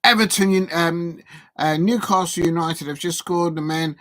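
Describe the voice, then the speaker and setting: A football fan channel host with a slightly high voice runs a watch-along of a match, chatting at a measured pace in clean studio sound with no room echo. He's excitable, cheering and pleading at the action with chatty asides.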